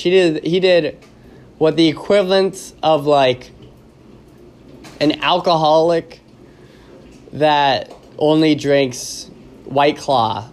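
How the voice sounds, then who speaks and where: A man with a somewhat high voice hosts a loose, casual podcast. He rambles and jokes his way through stories, and his talk is full of ums, uhs and restarts. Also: takes it slowly, pauses often. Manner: rambling and joking, with many fillers and restarts. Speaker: podcast host. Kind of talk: casual solo podcast chat.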